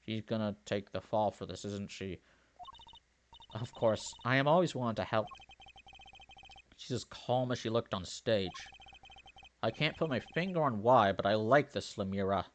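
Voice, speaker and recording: A man's voice: lowish voice, normal speed, long pauses, slight background noise. A man playing through a story game, reading the characters' lines in his own voice and breaking off to joke and theorize. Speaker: let's play commentator. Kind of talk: game playthrough reading dialogue aloud.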